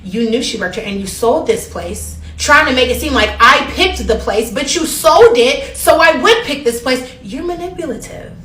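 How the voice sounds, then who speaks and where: A woman's voice: high-pitched, normal speed, hardly any pauses. A young woman telling a travel story in a casual, gossipy way, talking straight to her viewers. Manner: animated, gossipy, addresses viewers directly. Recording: roomy, distant from the mic.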